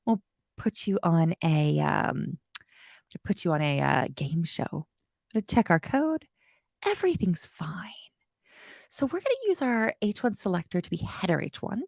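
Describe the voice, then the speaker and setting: A woman leads a live coding lesson in a chatty, self-deprecating way, her pitch swinging widely as she talks. Her voice has a gravelly fry at the ends of phrases. The sound is dry and close, with no room around it. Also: a little mellow, no echo. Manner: slips into playful quoted voices and whispers. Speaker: coding instructor on a live stream.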